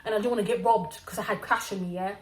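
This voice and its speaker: A young woman from Zimbabwe, telling a casual storytime vlog in an animated, slangy way with acted-out quotes. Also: mid-range voice, fast talker. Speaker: vlogger. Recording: roomy echo.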